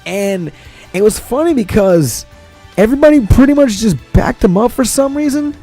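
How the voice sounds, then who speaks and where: Young guy venting a long story, high voice but mellow tone, swears a lot, says bro and man constantly, faint music behind. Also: lively intonation, normal speed, breathy edge. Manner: rambling and profane, repeating himself, slangy with "bro" and "man". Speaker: vlogger. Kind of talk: casual storytelling.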